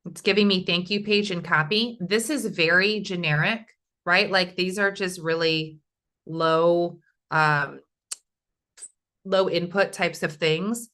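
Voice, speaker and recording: This is a woman teaching a workshop over a video call, walking her audience through her screen. Her voice is bright and forceful and sits a little low. She talks in a chatty way and keeps checking in with her listeners. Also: slow pace. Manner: chatty, talks to the audience, often asks "right?". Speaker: summit speaker teaching a workshop. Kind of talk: casual screen-share tutorial.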